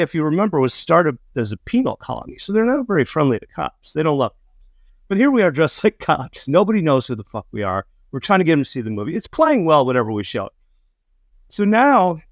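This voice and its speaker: Man, middle-aged, podcast co-host, animated profane storytelling, slightly high pitch, dry sound. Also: no echo. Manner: animated anecdotes, swears freely, acts out quotes. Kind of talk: casual storytelling chat.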